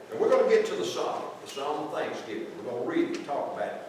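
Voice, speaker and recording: A man's voice: mid-range voice, sing-song, quick pace, a little mellow, distant mic. A man preaching a conversational, folksy sermon and asking his congregation questions. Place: large echoey church sanctuary. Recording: very echoey church recording from afar, faint noise.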